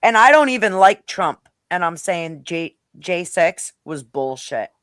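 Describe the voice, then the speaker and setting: A woman's voice: fairly low pitch, sing-song, unhurried, fairly bright tone, no room sound. Woman on a panel, swears a lot, blunt, dry close sound. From Rhode Island. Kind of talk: casual political chat.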